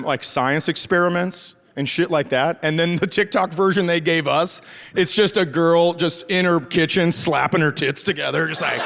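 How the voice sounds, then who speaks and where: A middle-aged man from rural Minnesota doing a stand-up comedy set, telling profane, sarcastic stories about his family. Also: fairly high pitch. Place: comedy stage before a live audience. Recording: live show with loud crowd laughter.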